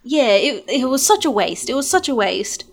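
A woman with a fairly high voice chats casually about a series, agreeing often and filling her sentences with "like" and "um". She sounds relaxed and conversational. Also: moderate pace, creaky. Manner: chatty, agreeable, frequent fillers. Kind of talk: casual chat.

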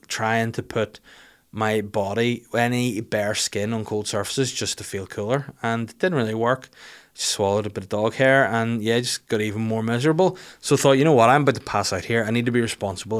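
A man, telling funny self-deprecating stories about his life in casual, sweary talk. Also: lowish voice. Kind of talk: casual storytelling monologue.

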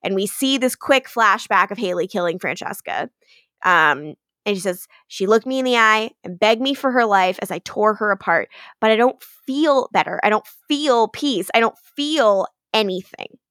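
Recapping an episode on the podcast she co-hosts, a woman retells it animatedly, performing quoted lines and occasionally swearing, all in a casual manner. She speaks at medium pitch and a moderate pace, captured with studio quality and no echo.

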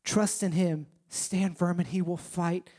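A young man preaching a sermon in a conversational, animated storytelling way, acting out quotes as he goes. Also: sits high, unhurried. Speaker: pastor.

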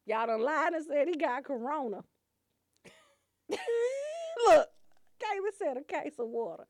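A woman telling profane comedy stories, loud and animated, swearing and laughing often. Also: high voice, slow, long pauses, no room sound, studio quality.

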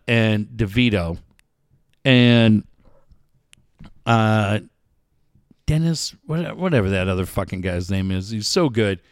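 A man's voice: medium pitch, no room sound, clean studio sound. A man hosting a casual chat, telling stories with lots of swearing. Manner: profane, animated storyteller.

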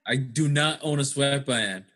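A young man trading quick, defensive jokes as a guest in a casual podcast chat. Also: mid-range voice, bright, forceful tone.

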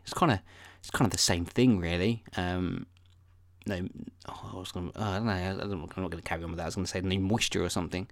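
A man with a lowish voice rambles through a solo podcast monologue. He wanders off-topic and pokes fun at himself. The sound is close and completely dry. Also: fairly even intonation, quick pace, no room sound. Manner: meandering, self-deprecating, swears casually. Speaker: podcast host.

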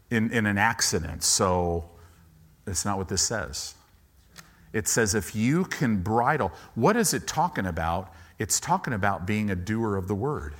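A man preaching a sermon to a congregation in a church, acting out doubting inner voices and rising to loud commands. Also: fairly low pitch. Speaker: pastor.

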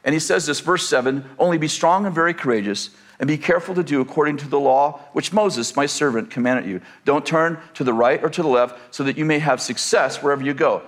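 Male pastor, preaching, rhetorical questions, slightly high voice. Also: fairly quick, few pauses. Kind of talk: sermon.

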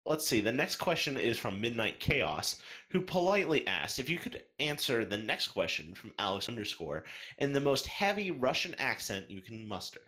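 A man's voice: medium pitch, very animated, moderate pace, bright, forceful tone. A man hosting a podcast, reading listener questions aloud with upbeat, playful emphasis. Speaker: podcast host.

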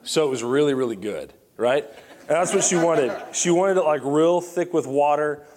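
Animated pastor telling a story. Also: male voice, on the high side, normal speed, a crowd in the background. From Virginia. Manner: animated and self-mocking, with props. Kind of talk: sermon with storytelling.

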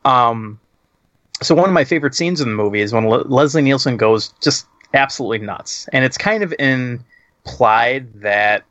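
A man's voice: medium pitch, moderate pace, fairly bright tone, no echo, lo-fi sound. A man co-hosting a casual chat, laughing and swearing as he retells a movie's scenes. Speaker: podcast co-host.

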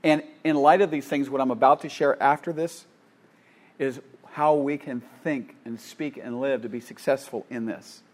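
A man preaching a sermon, fervent, swinging between loud declarations and quiet asides, with frequent restarts. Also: medium pitch, fairly even intonation, moderate pace. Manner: fervent, rising and falling, with many restarts.

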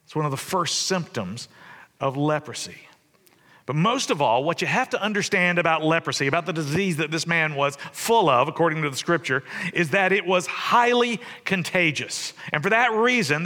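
A man preaching a sermon, telling the story conversationally and swinging between loud and soft. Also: high voice. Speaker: pastor. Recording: long reverb of a church hall.

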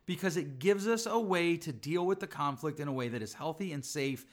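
A man's voice: on the high side, lively intonation, brisk. A middle-aged man hosting a podcast, teaching on relationships in an emphatic way, building his points through repeated lists and rhetorical questions. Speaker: podcast host, relationship speaker.

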